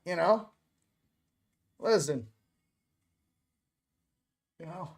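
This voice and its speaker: A man's voice: high-pitched, expressive, drawn-out words, a little mellow, husky. A man hosting a casual morning chat, joking and rambling as he goes. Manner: joking, rambling, self-interrupting. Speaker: host.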